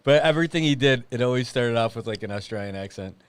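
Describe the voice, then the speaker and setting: A middle-aged man chats in a relaxed way on a talk show. His voice has an average pitch, and he tells playful family stories. He chuckles easily as he goes. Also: fast, clean tone, no echo. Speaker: podcast co-host. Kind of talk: casual chat.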